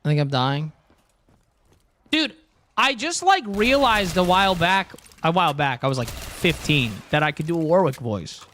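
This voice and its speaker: A man's voice: fairly high pitch, sing-song, normal speed, fairly bright tone. A young man livestreaming, chatting casually with viewers in a joking, rambling way. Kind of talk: casual stream chat with viewers.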